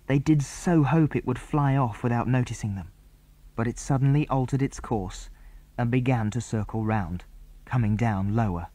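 A man narrating a children's adventure story in a clear, even storytelling manner. His voice is mellow and of middle pitch. The recording is close and dry. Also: normal speed, no echo. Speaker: audiobook narrator.

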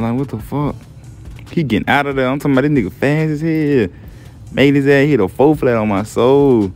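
A young man casually narrating a game story in heavy slang, laid-back and profane, often asking "you feel me". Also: mid-range voice. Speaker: gameplay storyteller.

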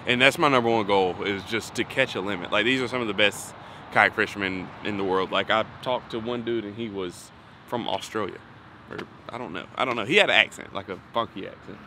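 With a lowish voice that sounds pushed and bright, a young fishing vlogger talks briskly to camera from a lake. He rambles and thinks aloud with many fillers, while vehicles pass in the noisy outdoor recording.

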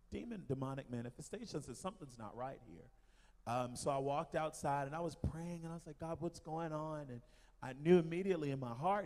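Male missionary speaker, animated testimony, average pitch, long hall reverb. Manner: animated storytelling with fillers. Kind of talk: church testimony. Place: church hall.

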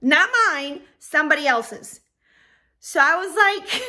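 Chatty bright-voiced woman telling a story. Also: sits high, expressive, slow, pauses often. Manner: chatty, talks straight to viewers. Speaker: balloon decorator and business owner. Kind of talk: casual storytime vlog.

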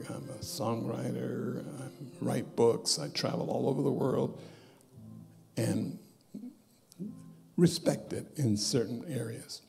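A man preaching a sermon in a church as a bishop, telling a personal story and swinging from loud bursts down to soft, hushed asides. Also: medium pitch, gravelly. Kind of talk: sermon testimony. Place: church sanctuary.

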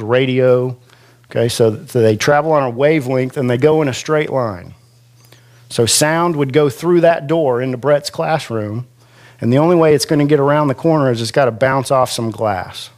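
A man preaching a sermon as pastor in a church classroom, chatty and self-deprecating, slowing down to stretch out quoted scripture for emphasis. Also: mid-range voice. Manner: slow, conversational preaching with self-deprecating asides.

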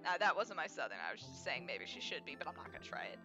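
A woman's voice: low-pitched, sing-song, fast talker, few pauses, bright, forceful tone, lo-fi sound, soft background music. A young woman giving casual, playful gameplay commentary with joking asides. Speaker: streamer.

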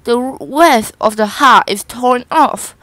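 A woman's voice: fairly high pitch, takes it slowly, sharp tone, dry recording. Woman voicing an urgent young schoolgirl. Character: eager young schoolgirl, worried about her class pet.

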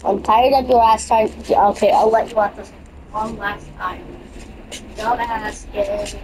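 Slow-talking swearing woman gamer. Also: mid-range voice, steady tone, background noise. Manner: profane, joking, talks to herself. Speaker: gamer streaming a horror game. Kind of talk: casual let's-play commentary.

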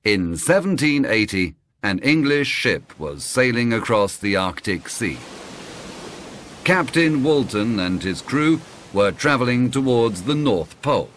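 A man narrating a simple story aloud, reading slowly and clearly. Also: mid-range voice, a little hiss or hum. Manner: slow, clear, expressive reading. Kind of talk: scripted narration of a graded reader.

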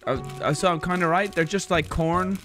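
This young Irish man has a high, slightly bright voice with fairly even intonation and a moderate pace. In a casual snack review vlog, he rambles and jokes while tasting snacks, sometimes getting mock-defensive, with faint music in the background.

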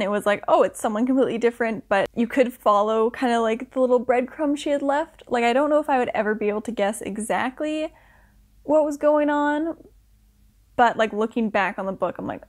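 At home indoors, a young woman with a slightly high voice rambles casually about a book she's reading for her vlog. She's chatty, says "like" a lot, and acts out the characters in quick asides.

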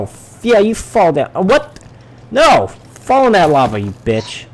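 A man with a high, gravelly voice streams a survival game live, talking unhurriedly to himself. He's excitable, swearing, yelping and laughing at what happens on screen.

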